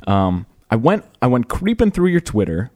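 A man's voice: mid-range voice, normal speed. A young man hosting a college radio show, chatting casually and jokingly with a guest in the studio. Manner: joking, rambling, animated.

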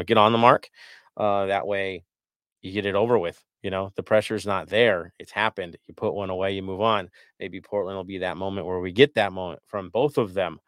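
Male host, lowish voice, dry close sound, loose and rambling delivery with plenty of fillers. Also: dry recording. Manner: rambling, lots of fillers and restarts. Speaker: podcast host. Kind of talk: casual sports talk panel.

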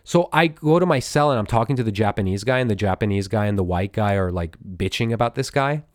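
A man's voice: on the low side, expressive, quick pace, no room sound. A man hosting a podcast, telling a story in a casual, profane, rambling way with many restarts, into a studio microphone. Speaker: podcast host.

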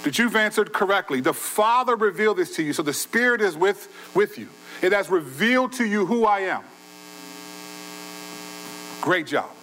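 A man with a high-pitched voice preaches a sermon in a conversational way. He swings between loud bursts and quiet, low asides. A faint electrical hum sits under the recording. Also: lively intonation, fairly quick, few pauses, rough recording. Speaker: pastor.

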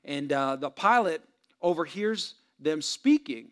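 A man's voice: on the high side, animated, unhurried, clear, resonant tone. A man preaching a sermon as a pastor, telling stories in a conversational way with fillers and building emphasis through repetition. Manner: conversational storytelling with frequent fillers.

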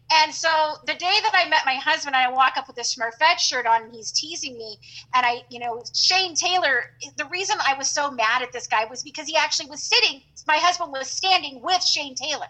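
A middle-aged woman telling a long story in casual chat, animated and acting out the voices of the people in it. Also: sits high, fairly quick, rough recording. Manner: animated, acts out quoted voices.

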